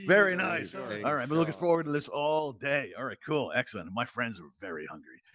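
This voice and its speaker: A man's voice: medium pitch, expressive, brisk, muffled recording. A man hosting a live game show in virtual reality, an upbeat showman hyping up the crowd through a headset mic. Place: virtual reality social app.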